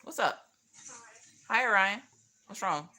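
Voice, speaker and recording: A middle-aged woman with a Southern accent, chatting casually on a craft livestream, sassy and quick to laugh. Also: mid-range voice, animated, sharp tone. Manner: chatty, sassy, laughs often, jokey asides. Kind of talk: casual chat while coloring.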